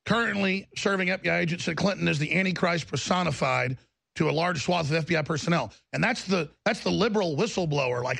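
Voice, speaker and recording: Male host with a gravel-edged, raspy voice, pushing an impassioned ranting monologue. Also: a little high, animated, fast, a bit bright, no room sound. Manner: fervent, ranting, emphatic repetition. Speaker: talk show host.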